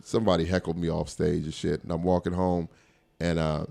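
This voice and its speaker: A man, a stand-up comedian guest telling animated stories in a casual interview, often acting out the people he quotes. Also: low-pitched, a little fast, vocal fry. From Colorado. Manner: animated storyteller, acts out quoted voices, laughs often.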